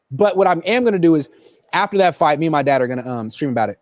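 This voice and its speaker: A man's voice: high voice, big pitch swings, racing, darkish tone, no room sound. A man hosting a casual sports livestream from a football stadium, joking and rambling as he answers viewer questions into a laptop mic. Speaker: sports reporter and host. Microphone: laptop built-in camera mic.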